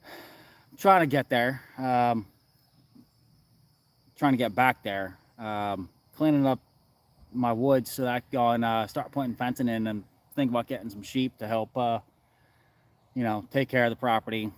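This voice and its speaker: A man casually chatting on a live stream from outdoors in the woods, reading chat and speaking in a relaxed way with many filler uhs. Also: medium pitch, moderate pace, long pauses, dry recording.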